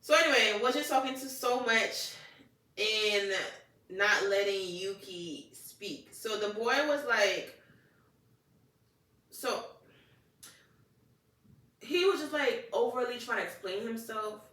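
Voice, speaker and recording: A woman casually recapping anime episodes in a chatty, animated way, acting out the characters and exclaiming "child.". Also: on the high side, slow pace, long pauses. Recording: echoey room, distant mic.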